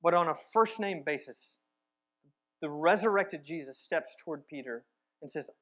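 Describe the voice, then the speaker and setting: A man with a slightly high voice preaching a sermon. He retells the story vividly, pressing some words hard and dropping others to a near-hush. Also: animated, moderate pace. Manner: storytelling, swinging between emphatic and hushed. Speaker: church teacher.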